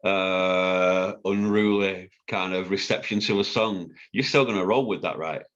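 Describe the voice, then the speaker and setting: A man's voice: low voice, a little slow, fairly bright tone. A man hosting an interview, agreeable and encouraging, often restarting his phrases. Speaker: interviewer host. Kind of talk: casual interview chat. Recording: dull lo-fi sound.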